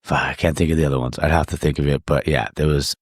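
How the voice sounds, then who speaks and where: A man hosting a podcast, chatting casually and rambling, his voice hoarse from singing the night before. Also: extremely low pitch, steady tone, quick pace, no echo, studio quality. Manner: rambling, laid-back, swears. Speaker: podcast host. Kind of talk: casual chat. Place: home studio.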